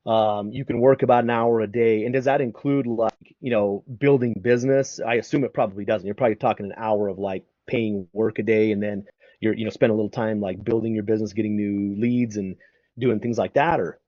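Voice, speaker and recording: A man's voice: lowish voice, steady tone, a little fast, no echo, lo-fi sound. A man hosting an interview, asking long, winding questions full of fillers. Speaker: podcast host.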